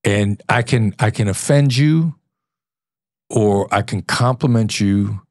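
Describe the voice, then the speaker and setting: Very deep-voiced man explaining earnestly. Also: slow, a little mellow, dry recording. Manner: earnest and explanatory, acts out tones of voice to illustrate. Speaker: podcast guest, former FBI negotiator. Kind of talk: conversational interview.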